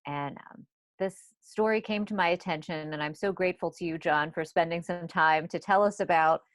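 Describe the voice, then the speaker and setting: A woman interviewer introducing her guest in a measured, gracious way, with a few fillers. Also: lowish voice, no echo. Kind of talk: recorded conversation introduction.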